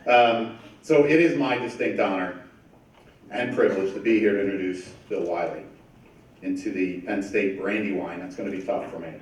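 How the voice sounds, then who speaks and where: A man giving an emotional, halting hall of fame speech, laughing through his emotion. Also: deep voice, a little hiss or hum. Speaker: hall of fame presenter, former player and coach. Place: large echoey banquet room. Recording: echoey hall, distant mic.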